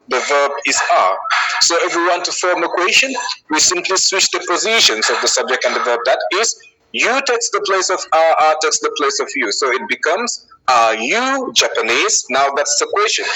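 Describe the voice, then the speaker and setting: A man leads an English grammar lesson in a very bright, sharp voice that sits a little high. He says the example sentences slowly and clearly and keeps checking in with a questioning "okay?". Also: low-quality recording. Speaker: English teacher.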